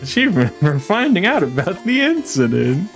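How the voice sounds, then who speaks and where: A man's voice: high-pitched, sing-song, normal speed. Man streaming a game with faint music. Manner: casual asides, then dramatic reading of narration. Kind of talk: game playthrough commentary, reading game text aloud.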